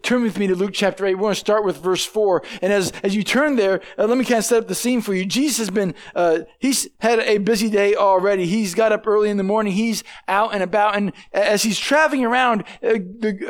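A man preaching a sermon in a conversational way, often restarting and repeating words, and acting out quoted voices. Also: high-pitched. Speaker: pastor.

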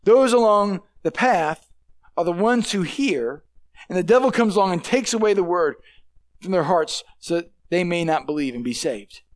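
A man's voice: high-pitched, lively intonation, moderate pace. A man preaching a sermon in a conversational way, often restarting and repeating words, and acting out quoted voices. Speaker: pastor.

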